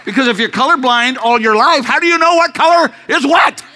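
Male preacher telling a story from the pulpit, animated and expressive, bright voice. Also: extremely high pitch, brisk, a faint crowd. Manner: animated, acts out voices, laughs, sudden shouts. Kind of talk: sermon storytelling.

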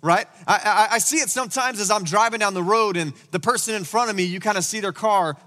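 A man preaching a sermon in a church, animated and full of rhetorical questions. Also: high-pitched, fast talker. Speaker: pastor. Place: church sanctuary. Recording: long hall reverb.

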